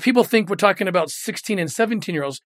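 An earnest middle-aged man speaks in a fairly high voice, recounting hard memories with open feeling as an interview guest. The sound is dry and close, with no room around it. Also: lively intonation, fast talker, no echo. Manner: earnest, emotional, retells quoted dialogue. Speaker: former federal agent, interview guest. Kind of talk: candid interview storytelling.

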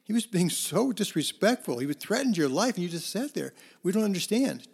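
Bewildered disciples, voiced by a male storyteller, protest in raised, incredulous voices. The pitch sits well above the teller's plain speech. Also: very animated, brisk, creaky, slightly rough, exaggerated voice.

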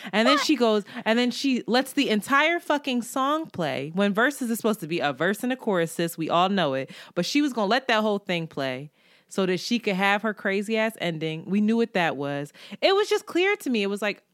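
A woman co-hosting a podcast in casual chat, telling stories in an animated, profane way and acting out what others said. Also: medium pitch, normal speed, no echo, clean studio sound. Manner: animated, profane, storytelling with quoted voices. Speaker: podcast co-host.

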